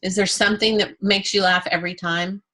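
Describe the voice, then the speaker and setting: A woman's voice: medium pitch, flat delivery, brisk, bright, forceful tone. A woman teaching an art class in a casual, chatty way, candid and joking, with playful asides.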